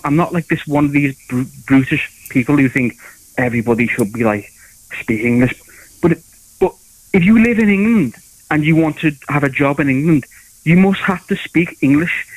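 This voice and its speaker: A man's voice: a little high, no echo, low-quality recording. Agitated stammering male caller, dry sound. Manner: agitated, stammering, repetitive restarts. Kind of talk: phone-in rant.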